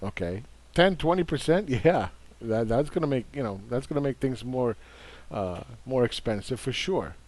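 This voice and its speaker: A man talks through a market overview with a combative, dismissive edge. His voice sits at an ordinary middle pitch. He leans on repeated words to drive his points home. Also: lively intonation, normal speed, few pauses, a little mellow. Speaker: investing commentator. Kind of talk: casual market commentary.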